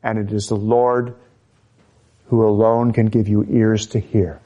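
A man preaching a sermon, speaking in a measured, emphatic way and pressing his listeners with repeated rhetorical questions. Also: fairly low pitch, little pitch movement, warm tone, dull audio.

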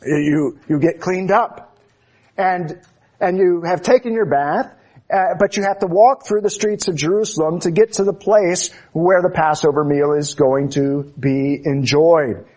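A man preaching an expository sermon with fervent emphasis, slowing down to stress key phrases. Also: on the high side, darkish tone.

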